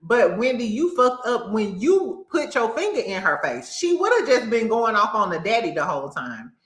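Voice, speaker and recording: Laughing, animated woman with bright voice. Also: on the high side, normal speed, roomy sound. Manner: animated, laughing often, acts out quotes. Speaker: host. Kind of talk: casual recap commentary.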